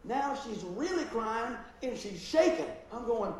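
A man preaching and telling a story, acting out both sides of the dialogue and swinging between loud and hushed. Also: very high-pitched, animated, a little slow, slight background noise. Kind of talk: sermon storytelling. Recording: echoey hall, from a distance.

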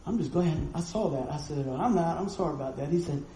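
A pastor with a drawl, talking to his congregation in an easy, folksy way. His voice sits high for a man but sounds warm and mellow. The sermon echoes around a roomy church hall, with a faint murmur of ambience underneath. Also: fast talker, a little hiss or hum. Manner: folksy, conversational preaching with rhetorical questions. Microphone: live stream mic.

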